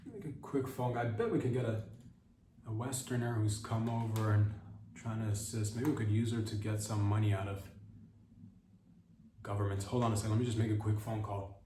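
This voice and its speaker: A man's voice: on the low side, fairly even intonation, dark tone, a little hiss or hum. A man hosting a comedy podcast, rambling through an improvised bit and cutting himself off mid-sentence. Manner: rambling, self-interrupting, quick asides. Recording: roomy, voice far from mic.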